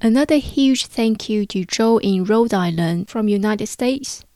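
Slow, clear-spoken woman podcast host. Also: mid-range voice, mellow, no room sound, studio quality. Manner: speaks slowly and clearly. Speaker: podcast host and Chinese language teacher. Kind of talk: podcast outro reading listener messages.

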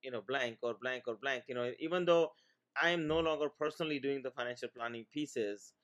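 A man's voice: mid-range voice, fairly quick, fairly bright tone. Rambling middle-aged man from India. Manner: rambling, many restarts and fillers. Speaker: podcast guest, financial planner. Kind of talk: casual interview chat.

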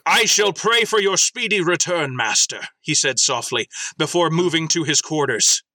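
Bright-voiced man reading comic submissions. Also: on the high side, expressive, moderate pace, dry recording. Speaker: podcast host reading listener submissions. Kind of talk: casual chat and comic dramatic reading.

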